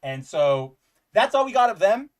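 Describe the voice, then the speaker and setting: A man's voice: sits high, sing-song, normal speed. A man co-hosting a casual comics chat, enthusiastic and rambling, with lots of "like" fillers. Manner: enthusiastic, rambling, says "like" often. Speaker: podcast co-host.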